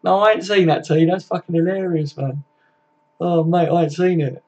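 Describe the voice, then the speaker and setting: A man's voice: fairly high pitch, steady tone, moderate pace, a little mellow. Laddish man on a dull stream. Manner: laddish, swears, calls viewers mate. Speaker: football fan live-stream host. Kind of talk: casual live-stream chat reading comments.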